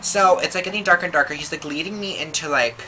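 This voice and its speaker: Low-voiced young woman telling a story. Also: quick pace, bright, forceful tone, poor audio. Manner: chatty, filler-heavy, profane. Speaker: vlogger. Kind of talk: casual storytime. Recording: music playing behind the voice.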